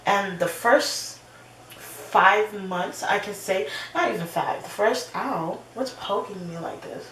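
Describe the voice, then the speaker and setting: A young woman in her twenties telling a personal story in a casual, animated chat with her viewers. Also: lowish voice, slight background noise. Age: 20s. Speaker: vlogger. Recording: roomy echo, slightly distant mic.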